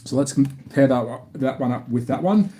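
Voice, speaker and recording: A man's voice: mid-range voice, normal speed, dark tone. A man from Australia with an Australian accent, chatting casually on a live stream while building a model kit, rambling and restarting often.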